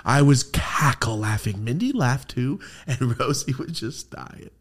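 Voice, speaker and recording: A man's voice: mid-range voice, lively intonation, a little slow. Profane laughing storyteller man. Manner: profane, laughs while telling stories. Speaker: podcast host. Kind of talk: casual storytelling chat.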